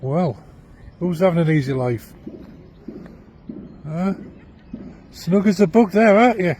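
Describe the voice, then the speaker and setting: Man, high sing-song coaxing voice, outdoors with faint birds behind. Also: lively intonation, measured pace, warm tone, slight background noise. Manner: coaxing, sing-song baby talk to animals. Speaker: bird park visitor. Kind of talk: casual chat to birds. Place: outdoor bird park. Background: faint birdsong and outdoor ambience.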